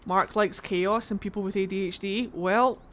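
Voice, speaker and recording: A woman with a Scottish accent streaming a game from home, chatting casually with viewers, excitable and swearing freely. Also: medium pitch, moderate pace. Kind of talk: casual livestream chat while playing.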